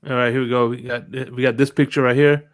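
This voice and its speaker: A man's voice: mid-range voice, level tone, fast, no echo, clean studio sound. A man hosting a casual podcast chat, asking short, easygoing questions and cracking jokes. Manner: laid-back, asks short questions, joking. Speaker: podcast host.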